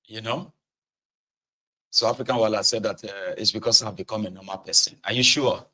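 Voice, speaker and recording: Animated Nigerian man telling a story. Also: brisk. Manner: animated storytelling, swings from shouting to low muttering; mixes in pidgin and Yoruba words. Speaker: commentator. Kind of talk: casual commentary monologue.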